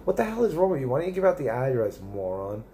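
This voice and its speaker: A man's voice: medium pitch, sing-song, quick pace, warm tone, slight background noise. A middle-aged man live streaming, rambling and swearing in casual chat as he reads viewer comments aloud. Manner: rambling and profane, with many restarts.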